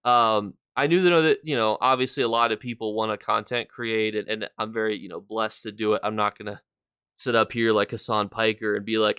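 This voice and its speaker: A man's voice: fairly low pitch, a little fast, pushed and bright, clear, resonant tone, dry recording, studio quality. A man casually talking to his viewers on a live stream, rambling through his points and stopping to thank people in chat.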